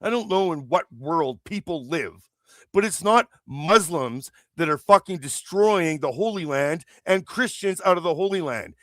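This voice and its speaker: A man's voice: on the high side, a bit bright, no room sound. Male streamer, furious profane rant, raised voice, dead dry close-mic sound. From Canada. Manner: angry, heavily profane, emphatic. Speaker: livestream host. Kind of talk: live political rant.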